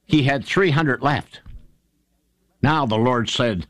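A man preaching a sermon and retelling Bible stories with fervour, rising sharply in pitch to stress points and calling his listeners friends. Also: slow pace, no echo. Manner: fervent storytelling preacher, swings pitch up for emphasis.

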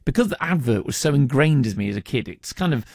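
A man's voice: medium pitch, expressive, fast, darkish tone, no echo, clean studio sound. A man presenting local radio, chatting casually and reading travel news with a joking manner. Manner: chatty, jokey, with many ums. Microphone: studio microphone.

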